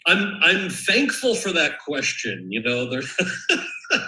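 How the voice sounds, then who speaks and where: Guest author, male, bright forceful tone, candid and thoughtful, moves from memoir reading to Q&A, keeps restarting sentences. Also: a little high, sing-song, slow pace, poor audio. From United States. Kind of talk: reading from his memoir, then answering questions. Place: event stage or panel, indoors.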